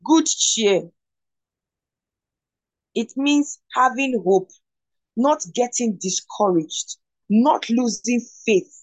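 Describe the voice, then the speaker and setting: High-voiced slow preaching woman. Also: lively intonation, dry recording. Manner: repetitive declarations, bursts into shouts of glory. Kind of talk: devotional sermon with tongues.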